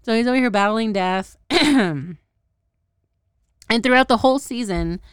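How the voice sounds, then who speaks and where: A woman's voice: a little high, expressive, measured pace, clean tone, dry recording, studio quality. A woman casually recapping a show as a podcast host, rambling, swearing and often losing track of names. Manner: rambling, profane, laughs often; loses track of names and details.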